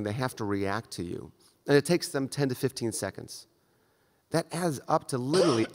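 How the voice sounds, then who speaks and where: A male surgeon lecturing to a conference audience in a direct, conversational manner, his mid-pitched voice trailing a long reverb through the lecture hall. He talks his listeners through the steps as if they stood with him in the room. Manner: conversational, direct, acts out brief exchanges.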